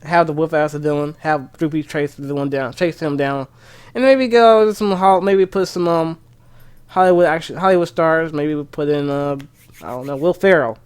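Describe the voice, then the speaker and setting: A man streamer chatting casually and excitedly, rambling with many restarts. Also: a little high, moderate pace, smooth. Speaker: gaming streamer. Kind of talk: casual chat.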